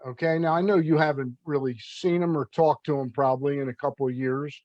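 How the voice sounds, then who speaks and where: A man's voice: a little high, fairly even intonation, brisk, a little mellow, no room sound. A man hosting a sports talk interview, asking long, rambling questions with fillers. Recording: dull, dry audio.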